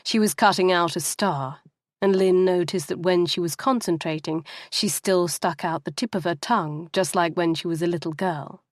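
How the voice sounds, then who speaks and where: A woman reading a novel aloud as an audiobook narrator, in an even, measured way. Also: lowish voice, no room sound, studio quality. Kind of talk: scripted narration.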